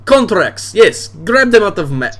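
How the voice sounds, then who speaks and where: Man doing a loud boozy bar-owner dad. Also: very animated, measured pace, exaggerated voice. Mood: pushy. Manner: booming, pushy, jovial. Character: loud boisterous hard-drinking bar-owner father.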